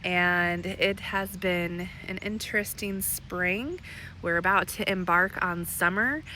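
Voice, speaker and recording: A woman's voice: on the low side, takes it slowly, a little hiss or hum. A heavily pregnant woman in her thirties, short of breath, chatting casually about her garden while seated outdoors. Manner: relaxed, chatty, laughs lightly. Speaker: garden vlogger. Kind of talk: casual garden update chat. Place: backyard garden, outdoors, seated in a lounge chair.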